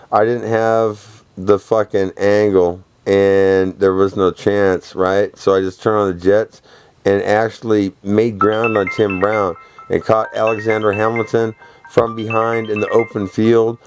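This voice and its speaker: A man's voice: on the low side, smooth. A man delivering a rambling, profane, boastful monologue, laughing between phrases.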